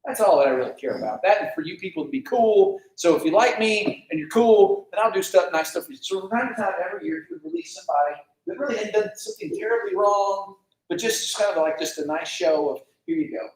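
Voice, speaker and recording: Animated man teaching, echoey room. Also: high-pitched, fast talker, slight background noise. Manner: animated, asks the class questions, acts out quotes. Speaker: youth Bible teacher. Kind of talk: casual Bible lesson to students. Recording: echoey room, mic far off.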